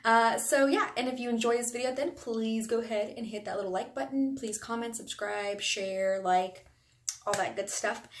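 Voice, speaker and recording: A chatty woman with a slightly high voice gushes over new purchases in a casual haul video. She sounds lively and eager. Her voice rings in an echoey room over a faint hiss. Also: moderate pace. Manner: chatty, gushing, enthusiastic. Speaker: beauty vlogger.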